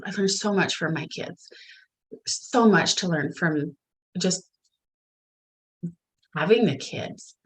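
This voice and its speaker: Animated middle-aged woman telling stories. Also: fairly low pitch, low-quality recording. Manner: animated storytelling, jumping into quoted voices and laughing. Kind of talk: casual conversation.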